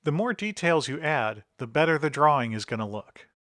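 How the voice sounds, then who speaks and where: A middle-aged man talks through a drawing tutorial one step at a time, in an instructive tone. His voice sits a little higher than most men's, and the recording is dry and close. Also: sing-song, normal speed, fairly bright tone, no echo. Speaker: author and illustrator.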